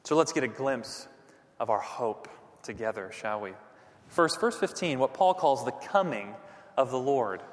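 A man preaching a sermon as pastor, animated, dropping to near whispers for emphasis. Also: mid-range voice, measured pace, long reverb tail.

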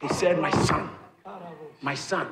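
A man preaching a sermon, repeating his lines emphatically, building to shouts, and calling on the congregation to answer. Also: a little high, fairly even intonation, slow, vocal fry. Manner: calls on the congregation to respond. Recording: echoey room with crowd audible. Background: congregation responding.

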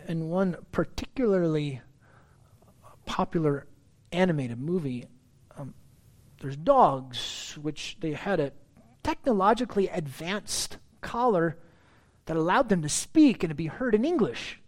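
A middle-aged man preaches a sermon in church in a chatty, self-deprecating way. His voice sits a little high for a man. It jumps up in pitch and volume whenever he leans on a point. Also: animated, unhurried. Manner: conversational, self-deprecating, rising loud on emphasis. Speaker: pastor.

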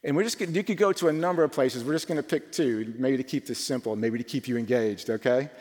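A man preaching a conversational sermon, informal and full of rhetorical questions, shifting between quick asides and slow emphatic phrases. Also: mid-range voice, darkish tone. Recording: long reverb from a large hall.

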